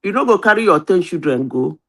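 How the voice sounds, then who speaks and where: A Nigerian woman with a lively, insistent way of talking, mixing Pidgin and English in a heated political panel debate. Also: fairly low pitch, fairly quick.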